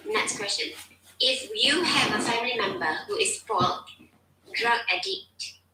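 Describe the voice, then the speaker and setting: A woman's voice: on the high side, pushed and bright, echoey room, recorded from a distance, low-quality recording. A woman moderating a question-and-answer session, reading out the questions plainly. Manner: reads questions aloud plainly.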